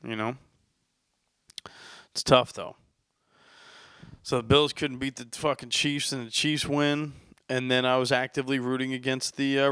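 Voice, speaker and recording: A man's voice: mid-range voice, fairly bright tone, clean tone, no echo. Male solo podcaster, profane and heated, resonant voice, dry close mic. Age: adult, says he is older now. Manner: profane, worked-up sports venting. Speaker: podcast host. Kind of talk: casual solo podcast rant.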